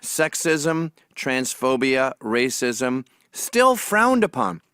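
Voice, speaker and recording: A man's voice: mid-range voice, big pitch swings, slow, bright, forceful tone, clean tone, no room sound, clean studio sound. A man hosting a comedic rant commentary in a sarcastic, mocking manner. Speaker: host.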